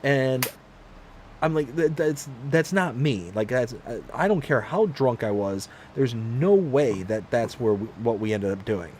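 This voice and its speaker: A man's voice: mid-range voice, a little slow. A man chats casually on his livestream, spinning a long personal anecdote. His voice climbs and dips freely as he acts out each person in the story. A faint background noise sits under the recording. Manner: animated, acts out quoted voices. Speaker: livestream host.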